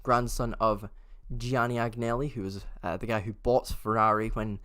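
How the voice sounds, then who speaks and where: A man's voice: on the low side, level tone, normal speed, fairly bright tone, dry recording, clean studio sound. A man hosting a race watchalong, giving live chatty commentary and often correcting himself mid-sentence.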